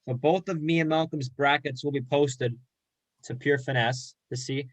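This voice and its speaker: A man co-hosts a casual sports chat. He makes his picks with easy confidence and a bit of slang. His voice sits at an everyday middle pitch and sounds dry and close, with no room around it. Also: fairly even intonation, moderate pace, dry recording, rough recording. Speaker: co-host.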